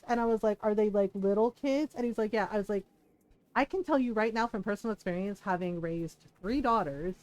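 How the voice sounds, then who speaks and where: A middle-aged woman streamer telling a story in casual chat, animated and profane, laughing as she talks. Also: fairly high pitch, no echo, rough recording. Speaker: live streamer.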